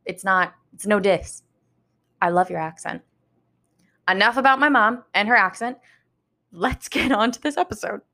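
A woman's voice: mid-range voice, normal speed, long pauses, sharp tone. A young woman with a slight New York accent hosting a casual podcast, chatty and swearing freely. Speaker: podcast host.

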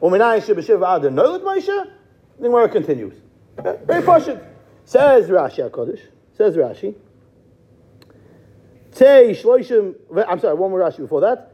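A man's voice: high voice, sing-song, moderate pace, long pauses, breathy edge, muffled recording. A man teaching a Talmud class, chanting quoted texts and explaining them step by step in English. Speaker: Torah teacher.

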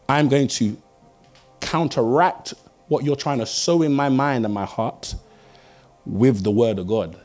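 A male pastor preaches with lively, animated storytelling. He hammers points home by repeating short phrases. His voice sits at an ordinary mid pitch. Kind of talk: sermon.

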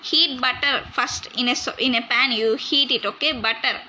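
A woman's voice: high voice, moderate pace, bright, forceful tone, a little hiss or hum, rough recording. A woman playing a bossy scolding grandma. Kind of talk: amateur comedy cooking skit.

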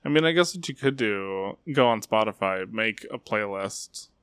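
A man's voice: lowish voice, animated, moderate pace, fairly bright tone, clear, resonant tone, no room sound. Young male co-host, casual, dry humor, short replies, dry sound. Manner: short reactions, dry sarcastic asides. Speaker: podcast co-host. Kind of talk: casual podcast chat.

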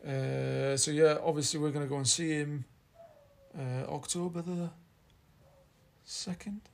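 A Yorkshire man co-hosting a podcast chats casually, rambling and teasing as he goes. His voice is on the high side and gravelly, with a steady tone and an unhurried pace.

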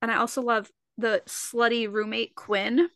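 A woman's voice: fairly high pitch, a little slow. A woman co-hosting a podcast, chatting casually and animatedly, often acting out lines from scenes. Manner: animated, acts out quotes from scenes. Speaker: podcast co-host. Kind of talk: casual chat.

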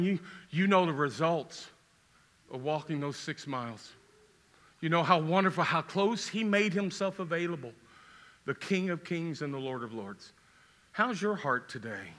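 A middle-aged male pastor preaching a sermon and making an altar call, pleading with repeated questions and rising to loud calls in a church. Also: a little high, animated, measured pace, pauses often. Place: church sanctuary.

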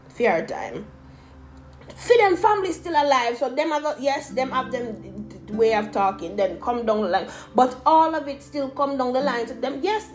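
A young woman with a Jamaican accent, hosting a casual opinion podcast and talking in an animated, rambling way that slips into patois. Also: sits high. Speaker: podcast host.

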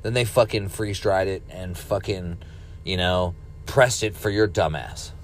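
A man's voice: sits low, a little slow, a little hiss or hum. Profane laid-back stoner man. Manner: profane, meandering, laid-back with ranting bursts. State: high, coughing now and then. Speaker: cannabis vlogger. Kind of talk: casual stoned rambling monologue.

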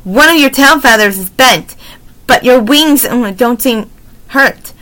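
Woman doing a high, eager little girl. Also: unhurried, rough recording. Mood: gentle. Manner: high, excited and gentle. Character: cheerful, kind young girl.

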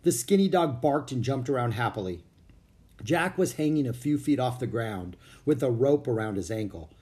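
Male children's audiobook narrator, animated pitch, character voices. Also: normal speed. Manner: expressive, voices each character.

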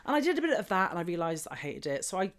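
A woman's voice: lowish voice, very animated, rapid-fire. A woman guest telling bawdy stories in a casual interview, laughing often.

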